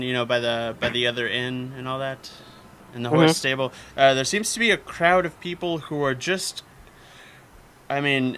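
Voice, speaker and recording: A man's voice: mid-range voice, pushed and bright, slight background noise. A man acting as game master, narrating a tabletop game in a loose, laughing way full of fillers.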